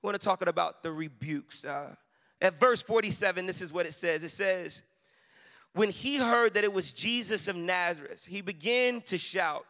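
A man preaching in a church, with a high, bright voice. He tells his story conversationally and pushes into shouted emphasis. His voice rings with the long reverb of a big hall. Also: normal speed. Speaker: pastor. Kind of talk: sermon with personal story.

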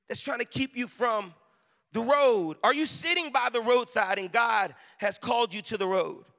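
High, bright-voiced preacher man. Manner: conversational storytelling that builds to shouted emphasis. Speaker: pastor. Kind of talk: sermon with personal story. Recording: long reverb of a large hall.

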